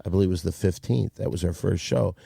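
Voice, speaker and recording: A man's voice: low voice, fast, creaky, dark tone, breathy edge, dry recording, studio quality. A man hosting a comedy podcast, blunt and steering the conversation. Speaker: podcast host.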